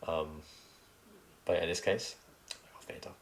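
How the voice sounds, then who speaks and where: Young Australian male podcast host, very deep voice, relaxed rambling delivery, light background noise. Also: a little slow, creaky. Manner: rambling, laid-back, many ums. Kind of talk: casual solo podcast chat.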